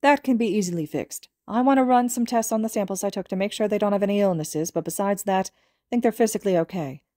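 A woman reading a calm, elderly school nurse. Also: mid-range voice, fast talker, no room sound, studio quality, pitched above the performer's own voice, lightly acted. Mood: clinical. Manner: calm, clinical.

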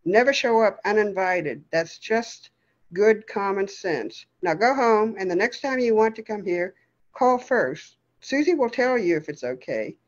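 A woman's voice: mid-range voice, lively intonation, measured pace, highs cut off, natural voice. A woman voicing a feisty, stubborn elderly woman with dementia, scolding in a tart way. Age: older.

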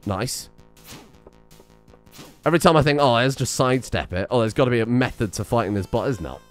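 A young gaming streamer with a mid-range voice talks a little fast over faint music while playing a farming game. His casual let's-play commentary is sweary and sarcastic, punctuated by animated outbursts.

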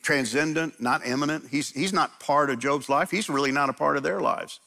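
A middle-aged man preaches in a loose, conversational way. His voice is bright and forward, he stumbles and restarts often, and he punches out quoted lines with sarcastic energy. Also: on the high side, normal speed, creaky. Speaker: pastor. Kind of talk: sermon.

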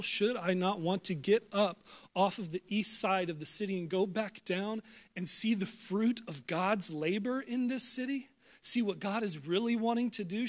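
Male pastor with a high voice, playful sermon delivery that acts out characters. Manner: animated, jokey, acts out Bible voices with laughs. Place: church service.

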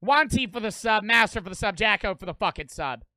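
Profane young male streamer, bright dry voice. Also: high voice, animated, brisk, no room sound. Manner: profane, mocking, rambling. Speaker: streamer reacting to videos. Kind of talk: live-stream reaction commentary.

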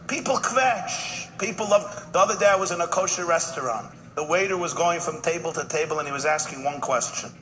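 A man, a rabbi, giving a humorous live speech with punchy jokes, quick asides and repeated punchlines. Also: on the high side, a bit bright. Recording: noisy live event recording.

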